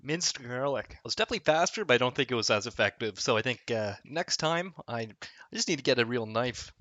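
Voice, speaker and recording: A man's voice: medium pitch, animated, fast, a bit bright, no echo, lo-fi sound. A man, chatting casually through a home cooking vlog, rambling and poking fun at himself. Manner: self-deprecating, joking, rambling. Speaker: cooking vlogger. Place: home kitchen.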